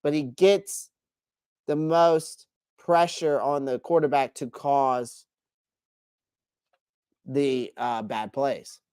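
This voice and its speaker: A man's voice: mid-range voice, fairly even intonation, very slow, pauses often, a little mellow, clear, resonant tone, no echo, studio quality. A man hosting a casual live stream, answering chat by name with strong opinions and frequent restarts.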